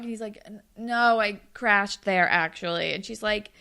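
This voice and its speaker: A woman's voice: mid-range voice, fairly even intonation, unhurried, gravelly, sharp tone. A young woman co-hosting a podcast, animatedly recapping a TV episode with sarcastic quoted voices. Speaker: podcast co-host. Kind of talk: casual recap chat.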